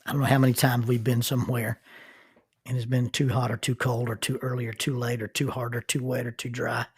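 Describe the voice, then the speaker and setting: A man in his sixties, a minister, hosting a reflective podcast in an earnest manner, dropping to soft near-whispers for emphasis. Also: medium pitch, level tone, fairly quick, husky, no echo, clean studio sound.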